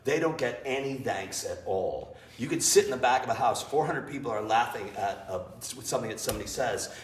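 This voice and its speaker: A man, an improv teacher and director, telling animated, self-mocking stories in an interview. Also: medium pitch, brisk. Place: theater. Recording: roomy, distant mic with faint noise.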